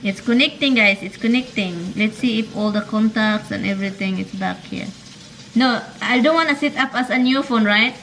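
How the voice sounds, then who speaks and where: A woman's voice: fairly high pitch, moderate pace, fairly bright tone, slight background noise. A woman with a Filipino accent chatting casually to camera as a vlogger, laughing often while she talks about her husband. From Philippines. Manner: giggly, laughs often while telling stories. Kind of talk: casual vlog chat.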